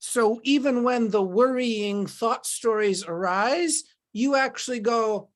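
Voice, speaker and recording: A woman's voice: medium pitch, lively intonation, a little slow. A woman in casual podcast conversation, talking in a meandering, reflective way and acting out inner voices.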